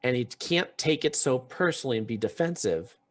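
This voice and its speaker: A man's voice: mid-range voice, expressive, a little fast. A man hosting a podcast, retelling a story in casual chat and acting out the quotes as he goes, often restarting his sentences. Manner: frequent restarts while recounting. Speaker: podcast host.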